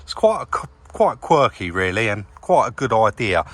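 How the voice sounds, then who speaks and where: A man from England in a car workshop, talking casually to camera as he cleans a car, relaxed and chatty, calling viewers "guys". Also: lowish voice, normal speed, husky, dry recording. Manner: chatty, relaxed, says "crack on" and "guys" often. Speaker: car rebuild vlogger.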